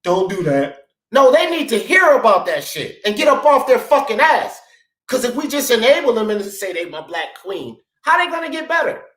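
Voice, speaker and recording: A man's voice: extremely high pitch, big pitch swings, normal speed, a bit bright, echoey room, low-quality recording. A man hosting a talk show, ranting bluntly and profanely in heated commentary. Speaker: sports talk show host.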